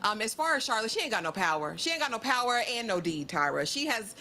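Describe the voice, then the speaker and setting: Sassy bright-voiced woman recapping TV. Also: a little high, fast, a little hiss or hum. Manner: sassy, animated, acts out quoted characters. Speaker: podcast co-host. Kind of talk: casual TV recap chat.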